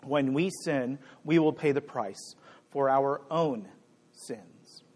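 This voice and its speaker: A man's voice: mid-range voice, takes it slowly, a little mellow. A middle-aged man preaching a sermon, conversational and playful, joking with his congregation. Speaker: pastor. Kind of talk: sermon with a live demonstration.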